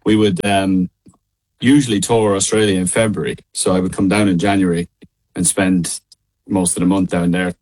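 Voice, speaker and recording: An Irish man with a fairly low voice talks with easygoing looseness on a radio show. He laughs often and stumbles through restarts and fillers, sounding like he is joining over a call. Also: fairly even intonation, normal speed, darkish tone. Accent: Irish, middle of Ireland. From Ireland. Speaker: guest singer. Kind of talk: casual radio interview chat. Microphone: call line.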